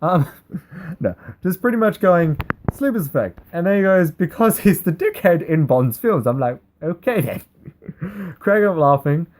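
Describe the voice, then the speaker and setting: A man's voice: on the high side, unhurried. A man giving casual, rambling commentary over a replay of a card game duel, often laughing as he goes. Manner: rambling, giggly, excitable.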